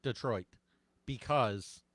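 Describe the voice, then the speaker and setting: A man co-hosts a casual talk show, speaking plainly and chiming in to agree. His voice sits mid-pitched. The sound is dry and close. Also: slow, fairly bright tone, no echo. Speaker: co-host.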